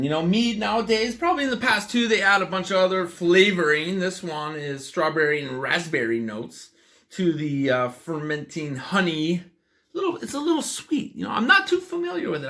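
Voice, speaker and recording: A man's voice: sits high, bright, forceful tone. A man talking casually in a vlog, chatty and enthusiastic, rambling with plenty of fillers as he tries a drink. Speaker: vlogger tasting drinks.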